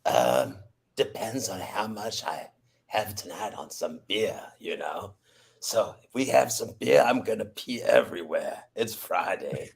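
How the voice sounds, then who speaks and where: Gravelly, husky, laid-back man. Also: low voice, expressive, unhurried, poor audio. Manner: laid-back, goofy jokes. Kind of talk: casual chat.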